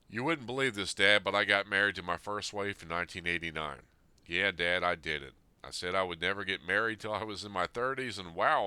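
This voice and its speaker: Deep, sharp-toned man in his fifties. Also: clear, resonant tone, dry recording. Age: 50s. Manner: earnest, plain-spoken, reflective. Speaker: podcast host. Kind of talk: reading a personal letter aloud, then reflective talk.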